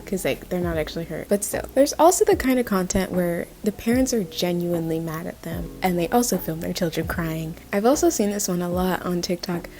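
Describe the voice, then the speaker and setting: A young woman in her early twenties talks through a video essay in a casual, chatty way. Her pitch leaps up and down as she gets worked up. She leans on "like" constantly. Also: a little fast, hardly any pauses. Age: young adult. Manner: animated, conversational, heavy use of "like". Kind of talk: casual commentary.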